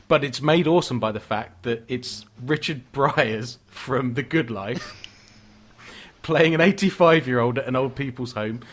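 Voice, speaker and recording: A man's voice: medium pitch, a little slow, fairly bright tone. Man, podcast co-host, eager rambling chat with laughs. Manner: enthusiastic, laughing, rambling with restarts. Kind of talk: casual horror film chat.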